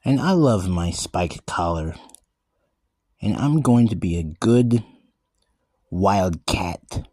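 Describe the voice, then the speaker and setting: An earnest man delivers a slow, in-character monologue, his pitch swinging lively up and down. He stumbles and restarts words as he keeps calling out to everyone. The sound is dry and close, with no room around it. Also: no room sound. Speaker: vlogger describing himself as a wildcat.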